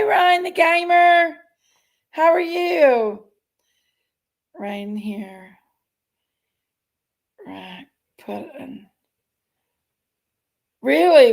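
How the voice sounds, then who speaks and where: A woman's voice: mid-range voice, creaky, mellow. A woman hosting a casual livestream, chatting and greeting viewers by name as she reads their comments. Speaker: livestream host reading chat.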